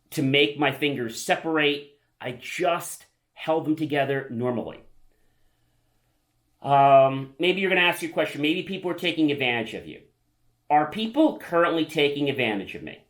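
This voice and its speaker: A man's voice: a little high, a bit bright. A man presenting a self-help lesson to the camera, in a casual, enthusiastic, chatty way, often checking in with the viewer. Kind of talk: casual instructional talk to camera.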